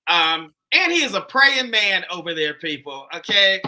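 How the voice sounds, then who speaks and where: A man's voice: sits high, very animated, normal speed, bright, forceful tone, slight background noise, low-quality recording. A man hosting a dating show, introducing a single in a playful, chatty way.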